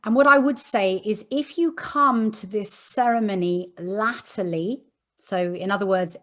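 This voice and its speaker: A woman leading a live online meditation ceremony, explaining the steps slowly and soothingly and checking in with "okay?" over a video call. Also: mid-range voice.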